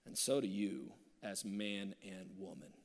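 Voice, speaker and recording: Man, pastor, sermon, passionate, loud bursts and hushed passages, long hall reverb. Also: low-pitched, unhurried, gravelly.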